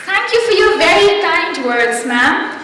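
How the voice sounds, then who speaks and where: Very high, slow-speaking woman emcee. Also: lively intonation, pushed and bright. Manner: slow, ceremonious introductions full of praise. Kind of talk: formal stage hosting at an award ceremony. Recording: echoey hall, voice from a distant mic, faint noise.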